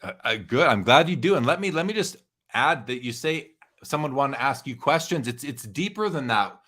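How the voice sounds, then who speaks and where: A man's voice: mid-range voice, expressive, normal speed, fairly bright tone. A man hosting a live sports card show, talking earnestly and reflectively with his guest and reading viewer comments.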